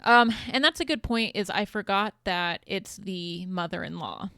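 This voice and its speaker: A woman's voice: mid-range voice, moderate pace, gravelly, a bit bright, dry recording, studio quality. A woman co-hosting a podcast in casual chat, blunt and frank, often laughing as she talks. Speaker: podcast co-host.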